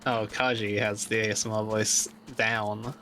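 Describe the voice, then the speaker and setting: A man's voice: fairly low pitch, level tone, a little slow, sharp tone, a little hiss or hum. A man playing a video game with a friend, trading teasing jokes in casual chat. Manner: teasing, joking banter. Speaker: co-player. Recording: game music behind the voice.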